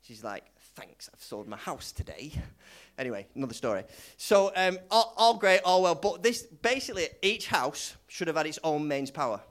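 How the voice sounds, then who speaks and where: A man's voice: sits high, big pitch swings, a little fast, hardly any pauses, a bit bright. A male pastor preaching in a loose, conversational way, repeating himself and leading the congregation in call-and-response. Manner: conversational, repetitive, lots of restarts. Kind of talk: sermon.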